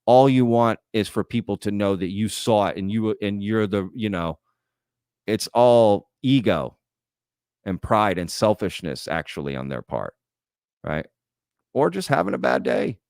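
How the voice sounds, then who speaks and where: A male host reads chat comments on a live stream and answers them bluntly, in a lecturing way. His voice sits low. The sound is dry and close. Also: expressive, unhurried, creaky, darkish tone, clear, resonant tone, dry recording.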